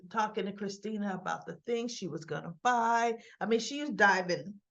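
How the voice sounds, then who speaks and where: At home with her dog, a woman with a gravelly, fairly bright mid-range voice recaps soap episodes at a moderate pace. Her talk is chatty and meandering, peppered with "right?", and the recording has a slightly dull lo-fi quality.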